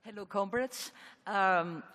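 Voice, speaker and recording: A woman with an Austrian German accent delivers a measured, prepared convention address at a mid pitch. Her words ring out with a long hall reverb. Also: fairly bright tone, slight background noise. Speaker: convention speaker. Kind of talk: formal speech.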